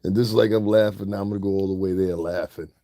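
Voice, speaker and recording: A man's voice: deep voice, steady tone, fast talker, dark tone, dry recording, clean studio sound. A man vlogging in a confrontational rant, profane and taunting, breaking into laughter at times.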